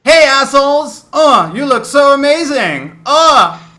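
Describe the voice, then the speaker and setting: A man voicing a scrawny, bewitched male exile who is manic and shrill. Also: very animated, slow pace, sharp tone, exaggerated voice. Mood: manic glee.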